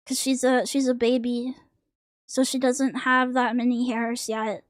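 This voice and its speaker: A young woman with a high, girlish voice talks slowly and loosely while she draws on stream. She rambles and swears casually, with a dry, close sound from a desk mic. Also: level tone, dry recording. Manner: rambling, joking, crude. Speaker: vtuber streamer.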